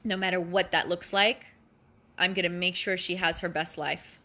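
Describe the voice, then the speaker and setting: Addressing other parents, a mother pleads earnestly and emotionally, near tears, repeating points for emphasis. Her voice is on the low side, steady, bright, and forceful, at a moderate pace.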